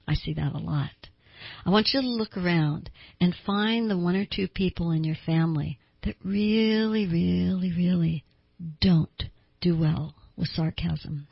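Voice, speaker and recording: A woman's voice: lowish voice, moderate pace, gravelly, husky, no echo, muffled recording. A woman hosting a self-help talk show, giving advice to listeners in an emphatic way and repeating words for stress.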